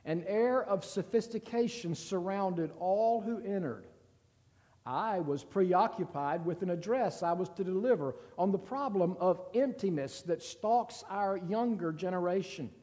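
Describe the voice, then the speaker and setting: A man reading a story aloud in a slow, deliberate and somber way, with a long reverb. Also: sits high, dark tone.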